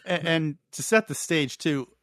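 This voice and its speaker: A man co-hosting a podcast, recapping a show in a thoughtful, halting way with many restarts. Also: fairly high pitch, fairly bright tone, no room sound. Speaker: podcast co-host. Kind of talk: casual recap chat.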